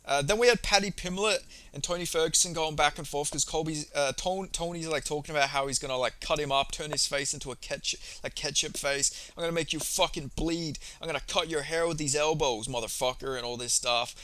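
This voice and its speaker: A man talking through a fight recap in a loose, offhand way, swearing often and wandering between points. His voice sits a little high and sounds bright and forward. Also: clean tone, poor audio. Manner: profane, rambling, offhand. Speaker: MMA YouTuber. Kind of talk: casual recap commentary.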